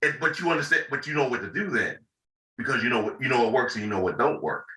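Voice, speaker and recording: A man hosting a casual group discussion, hoarse from being under the weather, talking in a laid-back, folksy way and often repeating himself. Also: medium pitch, animated, quick pace, bright, forceful tone, reverberant, far from the mic, low-quality recording. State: hoarse from illness. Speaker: host.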